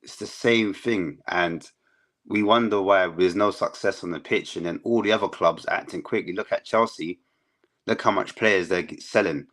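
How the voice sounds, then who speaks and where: A man's voice: low-pitched, fairly bright tone. A man chatting casually as a football fan panelist, rambling with fillers.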